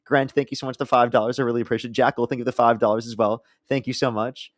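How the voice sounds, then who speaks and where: Fast, blunt man hosting a debate stream. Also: medium pitch, fairly even intonation, dry recording, studio quality. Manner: blunt, profane, pressing. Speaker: live-stream debate host. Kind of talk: heated live-stream debate.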